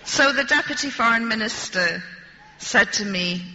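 A woman's voice: medium pitch, expressive, moderate pace, bright, forceful tone, big-room sound, dull audio, slight background noise. A woman telling a story to an audience with dry, wry humor. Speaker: speaker addressing an audience. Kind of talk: storytelling talk.

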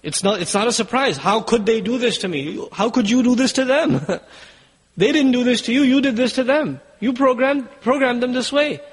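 A man's voice: extremely high pitch, normal speed, slightly rough, big-room sound, rough recording. A man giving a sermon in an urgent, exhorting way, asking the listeners rhetorical questions. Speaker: preacher.

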